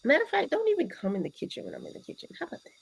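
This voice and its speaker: A woman co-hosting a casual show review, chatty and acting out quotes in soft put-on voices. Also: sits high, huge pitch swings, racing, gravelly. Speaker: co-host.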